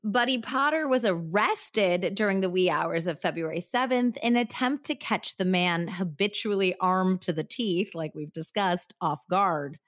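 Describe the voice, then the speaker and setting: A woman's voice: lowish voice, dry recording, clean studio sound. Casual woman narrating true crime. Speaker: podcast host.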